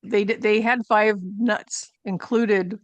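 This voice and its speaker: A woman's voice: mid-range voice, steady tone, slow pace, dry recording, muffled recording. A woman at home chatting through a casual product haul review for her channel, rambling with fillers and asides. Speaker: channel host.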